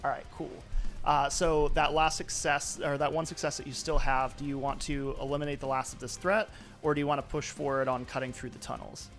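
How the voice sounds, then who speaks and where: A man's voice: medium pitch, flat delivery, fairly quick, fairly bright tone, soft background music. A man narrating as game master of a live tabletop role-playing game, talking loosely with many fillers.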